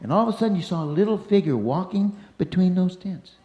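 Animated older man telling a story. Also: high-pitched, fast talker, muffled recording. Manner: animated, acts out the voices and shouts in his story. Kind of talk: personal anecdote storytelling. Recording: roomy echo.

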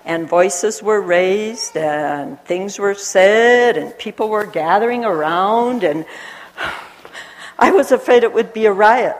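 A woman telling a personal story aloud, animated and acting out the voices of people she quotes. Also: mid-range voice, slow. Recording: long hall reverb.

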